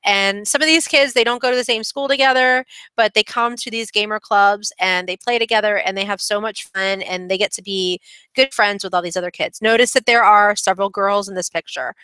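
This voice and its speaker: A woman's voice: medium pitch, fairly even intonation, fairly quick, bright, forceful tone, clean tone, dry recording. A woman hosting her own channel, giving a casual, chatty update with lots of fillers and restarts. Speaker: web design channel host. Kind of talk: casual screen-share update.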